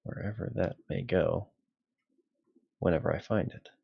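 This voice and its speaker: A man with a low, gravelly voice chats casually as a tabletop game player. He thinks aloud and hesitates often. The close, dry sound is a bit muffled, like online call audio. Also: normal speed, no echo.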